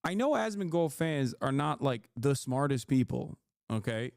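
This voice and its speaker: A man's voice: medium pitch, sing-song, normal speed, gravelly, darkish tone, no echo, studio quality. A man streaming live, reacting to videos with sarcastic, mocking commentary.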